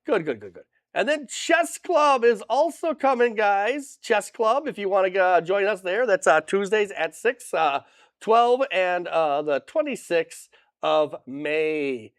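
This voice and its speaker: A man with a high, animated voice hosts a livestream from his small hobby shop, unhurriedly running through new products with hype and goofy jokes. The sound is studio quality with no room sound, captured on a camera mic facing a monitor.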